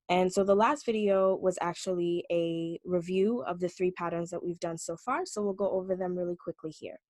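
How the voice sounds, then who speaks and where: A woman teaching an online language lesson, explaining clearly and patiently and drawing out example words slowly. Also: lowish voice, dark tone, dry recording. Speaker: Hebrew teacher.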